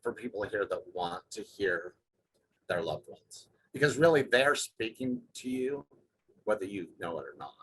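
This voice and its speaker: Guy guest, bright punchy voice, chatty n filler-heavy, faint noise behind. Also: fairly low pitch, lively intonation, moderate pace, low-quality recording. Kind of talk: casual spiritual chat.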